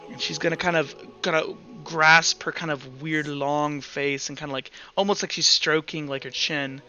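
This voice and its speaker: A man's voice: a little high, steady tone, normal speed, hardly any pauses, sharp tone, smooth. A man narrating a tabletop role-play as game master, in a casual way with fillers. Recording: dull audio, faint background music.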